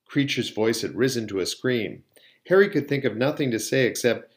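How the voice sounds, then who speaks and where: A man reading a storybook aloud in an even, steady voice of middle pitch. He narrates at an unhurried pace and now and then stumbles over a word. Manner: steady, occasionally slipping on words. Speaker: audiobook reader.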